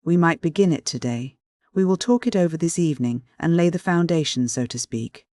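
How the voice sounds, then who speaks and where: A man's voice: fairly high pitch, animated, fairly quick, darkish tone, no echo, clean studio sound, close to an everyday voice. A man voicing a pompous, calculating middle-aged man who speaks stiffly and condescendingly, in an audiobook.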